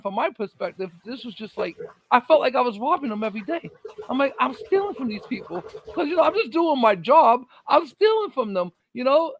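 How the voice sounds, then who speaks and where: A man chatting casually as a podcast co-host, animated and telling stories by acting out the conversations he quotes. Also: extremely high pitch, dry recording, rough recording. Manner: animated storyteller, acts out quoted exchanges. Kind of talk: casual chat.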